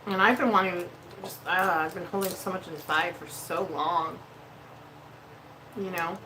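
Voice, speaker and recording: A woman hosts a casual livestream while doing her makeup, venting emotionally and coming close to tears, yet she swears freely and laughs often. Her voice is fairly low, a little slow, and sharp in tone. The recording is low quality, with slight background noise.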